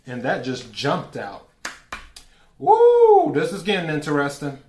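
A man's voice: fairly high pitch, lively intonation, normal speed, a bit bright, slight background noise. A man giving a casual tarot reading, asking for cards politely and breaking into laughter often. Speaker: tarot reader. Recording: echoey room.

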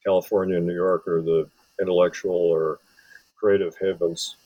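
A man's voice: low-pitched, little pitch movement, moderate pace, warm tone, dry recording, muffled recording. A man from Wisconsin, an author and film scholar, giving long rambling interview answers full of restarts. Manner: rambling, many restarts and fillers.

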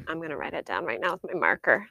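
A woman co-hosting a relaxed chat podcast, talking in a slightly low voice. She chats easily, giggles often and likes to joke. The sound is dry and close, with no room in it. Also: rapid-fire, gravelly, no echo. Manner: chatty, giggly, joking. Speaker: podcast co-host. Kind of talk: casual chat.

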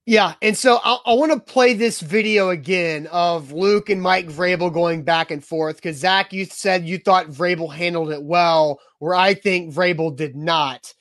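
A man's voice: high voice, measured pace, hardly any pauses, fairly bright tone, no echo, clean studio sound. A man co-hosting a sports talk show, building his argument step by step. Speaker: podcast co-host.

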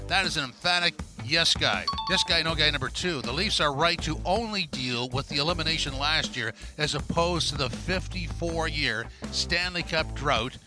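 Upbeat man hosting over music. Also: on the high side. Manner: upbeat, emphatic verdicts. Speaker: podcast host. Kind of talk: scripted segment hosting.

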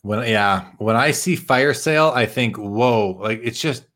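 A man hosting a live podcast in casual chat. He reads viewer comments aloud, talks in halting restarts, and says he is tired and losing his voice. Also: mid-range voice, bright, forceful tone. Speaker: podcast host.

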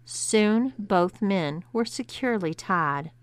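A woman narrating an erotic audiobook in a measured, steady storytelling manner. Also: mid-range voice, clean tone, no echo.

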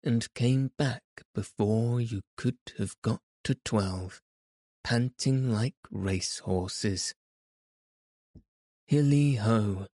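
A man narrating a classic story in an expressive, measured audiobook reading. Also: lowish voice, no room sound, studio quality.

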